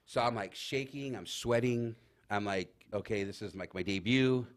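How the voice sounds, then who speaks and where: A man telling rambling, animated anecdotes in casual chat as a talk show guest, full of fillers. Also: lowish voice, normal speed. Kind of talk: casual storytelling.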